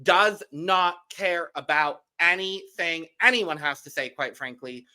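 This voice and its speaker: Brief: man podcast co-host, sharp bright tone, blunt and emphatic. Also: a little high, unhurried. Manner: blunt, emphatic, piles up pointed adjectives. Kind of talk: casual reality-TV recap chat.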